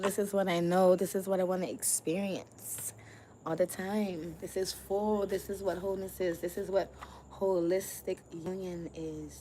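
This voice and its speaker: A woman's voice: on the low side, darkish tone, a little hiss or hum. A woman giving a casual spiritual tarot reading in slangy, profane talk, laughing often and stretching out emphatic phrases. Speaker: tarot reader.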